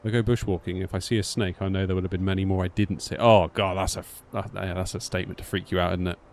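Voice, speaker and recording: A man's voice: low-pitched, flat delivery, fast talker, a little hiss or hum. A British man in his thirties chatting casually to a live-stream audience, rambling with lots of filler like "sort of". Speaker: flight sim streamer.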